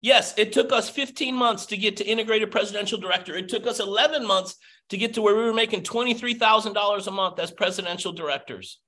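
A man giving a passionate motivational pep talk as a business coach, nearly yelling, over a video call. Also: high-pitched, quick pace.

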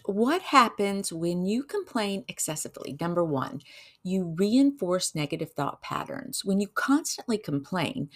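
A woman hosting a devotional podcast, talking earnestly and emotionally, telling a story slowly and putting questions to her listeners. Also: medium pitch, gravelly. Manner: preacherly, asks listeners questions. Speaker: podcast host.

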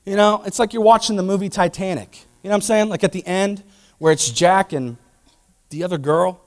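A man with a notably high voice delivers a sermon to his congregation. He is animated and conversational, acting out quoted voices and dropping from loud, emphatic lines to near-whispers. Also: fairly quick. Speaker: pastor.

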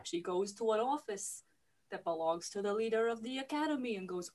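A woman casually recapping a film for a podcast, sweary and laughing, slipping into quick character voices. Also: medium pitch, lively intonation, darkish tone.

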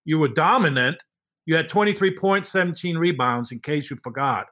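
A man's voice: on the high side, moderate pace, fairly bright tone. A man hosting a podcast, asking his guest questions in a friendly, casual way. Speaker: podcast host. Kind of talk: casual interview.

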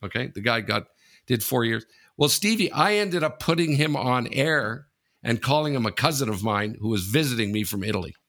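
A man with a gravelly, creaky voice tells a frank personal story on a casual podcast. He swears freely and keeps turning to his co-host as he goes. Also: medium pitch, animated, fairly quick, fairly bright tone.

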